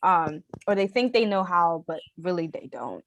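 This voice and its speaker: A woman co-hosting a casual podcast, speaking thoughtfully with a few "um" pauses. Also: on the low side, sing-song, a little hiss or hum. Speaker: podcast co-host.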